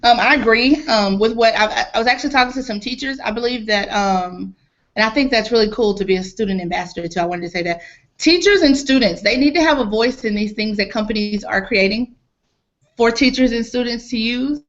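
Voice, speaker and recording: A woman's voice: on the high side, brisk, fairly bright tone. A woman parent on an online panel, speaking earnestly with many fillers. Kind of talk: casual video-call discussion. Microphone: video call. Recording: dull lo-fi video call audio.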